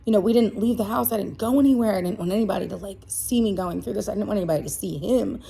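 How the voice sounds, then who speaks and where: Gravelly, husky woman talking candidly. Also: mid-range voice, dark tone. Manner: candid, halting, with many fillers and restarts. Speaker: mom vlogger. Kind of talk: personal confessional chat.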